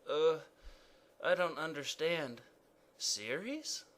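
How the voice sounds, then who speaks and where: A man voicing a confused, timid male question mark character who speaks quietly and stammers. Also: on the high side, very animated, takes it slowly, heavily acted. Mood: unsure.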